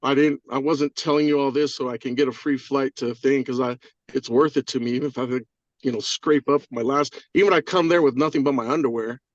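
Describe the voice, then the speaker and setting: A man speaking on a live call, rambling and swearing often, apologizing, choked up and crying with a husky voice. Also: medium pitch, steady tone, fairly quick, no echo. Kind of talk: emotional live-stream call. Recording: dull lo-fi audio.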